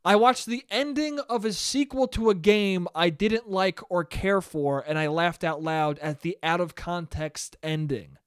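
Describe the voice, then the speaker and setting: A high-voiced young man riffs alone into a dry, close mic. He rants and swears his way through a story with lots of animation. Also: unhurried, hardly any pauses, clean tone, no room sound. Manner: ranting, profane, animated storytelling. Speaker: podcast host. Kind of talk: solo casual monologue.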